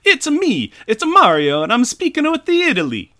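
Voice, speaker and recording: A cartoonish mock-Italian plumber, as a man puts him on, sings out every line. His voice leaps high and loud. The tone is bright and goofy. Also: huge pitch swings, fairly quick, full character voice. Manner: over-the-top sing-song put-on accent.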